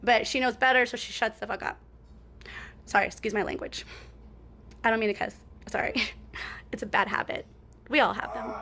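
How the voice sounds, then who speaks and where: A woman's voice: on the high side, gravelly, sharp tone, slight background noise. A woman in a casual storytime monologue, rambling and cussing as she talks to her viewers and keeps asking "right?".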